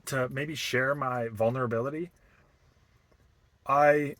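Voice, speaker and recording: A young man from Boston in a casual, reflective vlog, talking haltingly with many fillers and restarts. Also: medium pitch, fairly even intonation, fairly bright tone, no room sound. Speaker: vlogger.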